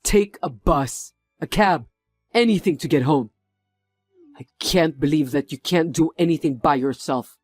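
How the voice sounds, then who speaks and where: A man's voice: fairly high pitch, measured pace, a little mellow, husky, no echo, soft background music. A man playing a stern, reproachful young executive. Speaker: company executive, the son.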